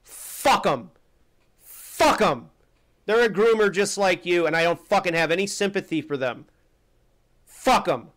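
Brief: high-pitched male streamer, angry, foul-mouthed tirade. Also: smooth. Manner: profane, shouting rant. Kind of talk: angry live-stream commentary.

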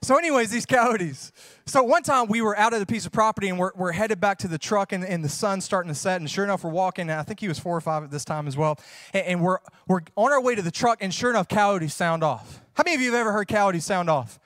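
A man's voice: sits high, quick pace, fairly bright tone, no room sound. A man, preaching a sermon as a pastor, folksy and joking as he tells stories, then preaching with rising fervor.

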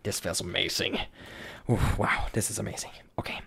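A man giving casual, rambling commentary on a video game, emotional and often trailing off softly. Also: fairly low pitch, steady tone, normal speed, creaky, breathy edge, in a whisper. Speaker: gaming YouTuber.

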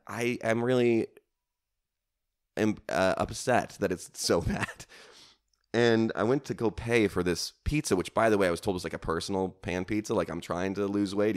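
A man with a notably deep, low voice hosts a comedy podcast on his own. He talks in a loose, rambling way, swearing freely and poking fun at himself between lots of ums and likes. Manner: swearing, self-mocking storytelling with lots of fillers. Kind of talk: casual rambling podcast monologue.

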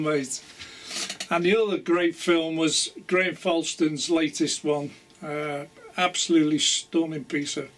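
A man's voice: a little high, distant mic. An older man chatting casually to camera about his model railway, rambling and chuckling often.

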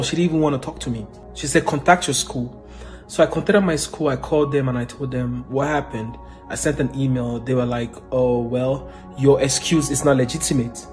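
A man giving an earnest, emotional spoken testimony, now and then bursting into loud praise. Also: mid-range voice. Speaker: testimony giver.

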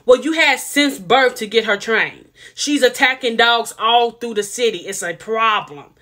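Woman ranting about a tv episode, bright voice, emphatic, says it straight to her viewers. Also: on the high side, expressive, measured pace. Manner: blunt, emphatic, opinionated; chatty, addresses viewers directly. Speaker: show reviewer. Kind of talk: casual opinion commentary.

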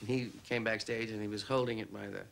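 A man's voice: fairly low pitch, steady tone, quick pace, vocal fry, fairly bright tone. A man in his fifties telling a folksy anecdote in an interview with plain, homespun grammar. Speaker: interviewee recalling an old friend.

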